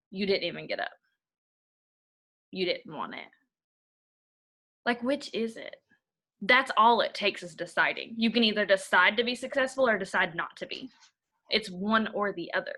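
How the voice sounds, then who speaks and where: A woman's voice: mid-range voice, normal speed, pauses often, bright, forceful tone. A young woman, giving a rambling, blunt motivational training talk to her team. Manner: rambling, blunt, uses y'all.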